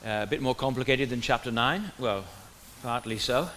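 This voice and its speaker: A Welsh man delivers a sermon, unhurried and lightly humorous as he tells a story. His voice has an even, middling pitch. The sound rings with a long reverb, as in a large church hall, over a faint ambient hum. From Wales. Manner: relaxed storytelling with gentle humor. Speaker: preacher.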